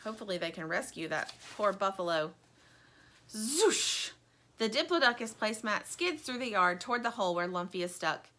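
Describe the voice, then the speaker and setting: A woman reading a children's story aloud in an expressive, animated way. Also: medium pitch, quick pace, few pauses.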